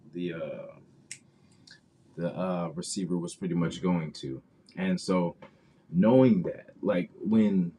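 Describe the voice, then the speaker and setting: A man's voice: sits low, dark tone. A man hosting a casual football podcast, talking in a rambling way with many fillers and restarts. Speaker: podcast host.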